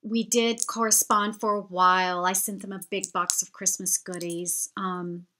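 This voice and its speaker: A woman talks straight to her viewers, telling a story in a chatty, heartfelt way. Her voice is bright and forward, with a pitch in the middle range for a woman. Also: flat delivery, unhurried. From United States. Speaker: vlogger. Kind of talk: storytelling to camera.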